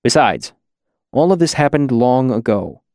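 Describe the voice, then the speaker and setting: A man voicing a stern, world-weary male innkeeper who tells stories in a dry, measured, commanding way. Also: mid-range voice, big pitch swings, darkish tone, no room sound. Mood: brisk.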